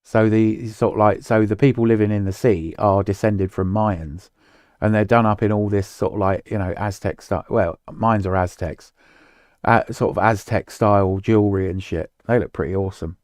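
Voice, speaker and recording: Man, low voice, rambling casual talk, swears, dry recording. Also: fairly even intonation, normal speed, a little mellow, dry recording. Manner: rambling, swears casually, trails off mid-sentence. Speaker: podcast co-host. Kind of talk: casual chat.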